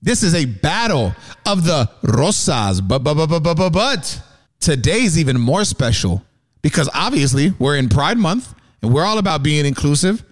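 A man's voice: on the high side, very animated, normal speed. A man hosting a comedic radio bit, playful and hyped like a showman. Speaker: radio host.

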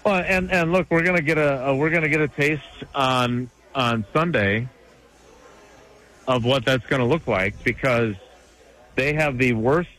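A man's voice: mid-range voice, unhurried, a bit bright, rough recording. Chatty man giving football analysis. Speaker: co-host, sports analyst. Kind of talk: casual sports talk.

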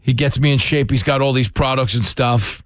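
A brash, gravelly tough guy who fires off boasts and threats without slowing down, as a man puts him on. His voice sits at a middling pitch and sounds dry and close, with no room around it. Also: no room sound, natural voice.

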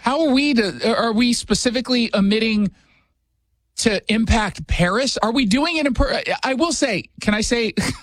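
A man's voice: very high voice, expressive, a bit bright, no room sound. A man hosting a radio show, riffing sarcastically in casual commentary. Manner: sarcastic, joking, quick asides. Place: radio studio.

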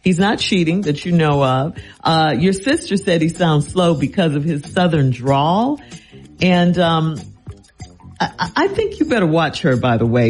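A man's voice: a little high, rough recording. A man hosting a radio advice show, reading a listener's letter and answering in an incredulous, teasing way.

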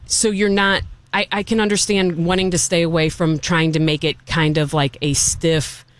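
An enthusiastic man talks through a film in loose, casual chat, circling back and restarting his sentences as he goes. His voice sits a little on the high side for a man. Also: flat delivery, moderate pace, a bit bright, clean tone, no echo. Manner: enthusiastic, rambling, with many restarts. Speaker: film reviewer.

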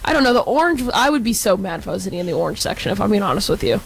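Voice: medium pitch, very animated, racing, gravelly, breathy edge, poor audio. Hedging co-host from Texas. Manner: hedging, filler-heavy, frank. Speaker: sports show co-host. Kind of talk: casual sports talk.

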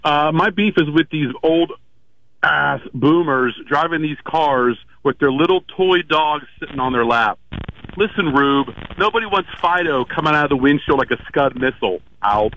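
A man's voice: a little high, moderate pace, a bit bright. A man calling in with a brash, punchy complaint. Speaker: caller. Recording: muffled phone line, faint noise.

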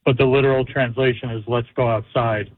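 A man's voice: medium pitch, steady tone, a little fast, background noise. A man from the United States calling into a radio show, telling a rambling, filler-heavy story. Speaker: radio caller. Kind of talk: phone-in anecdote. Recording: phone line.

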